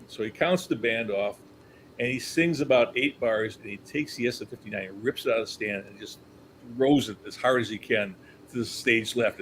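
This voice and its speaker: An older man spins lively anecdotes from his career, acting out what others said and chuckling along. His pitch sits in the middle for a man. A faint hiss runs under the recording. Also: moderate pace, low-quality recording. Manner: animated storyteller, acts out quotes, chuckles. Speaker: company historian, guest. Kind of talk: anecdotal storytelling.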